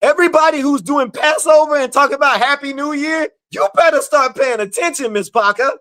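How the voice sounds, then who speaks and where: A man leading a live scripture study, reading verses and breaking into excited, slangy commentary that repeats words for emphasis. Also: very high voice. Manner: reads scripture slowly, then bursts into excited preaching asides. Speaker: Bible study teacher.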